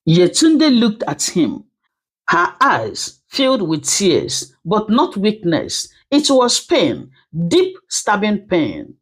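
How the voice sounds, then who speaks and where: A woman narrating a dramatic story in an expressive storytelling manner. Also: mid-range voice, slow, breathy edge.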